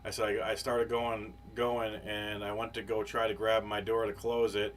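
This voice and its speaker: A man's voice: on the low side, little pitch movement, moderate pace. Rambling, profane man telling a story. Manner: rambling, profane, lots of fillers. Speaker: podcast co-host. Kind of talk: casual storytelling chat. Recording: live podcast, faint background noise.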